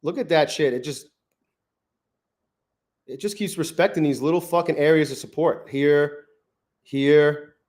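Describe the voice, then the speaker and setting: A man streaming his futures trades live from his garage, thinking aloud and swearing often, swinging from flat muttering to loud gloating. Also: on the high side, unhurried, pauses often. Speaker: trading livestreamer. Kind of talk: live trading stream commentary. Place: home garage.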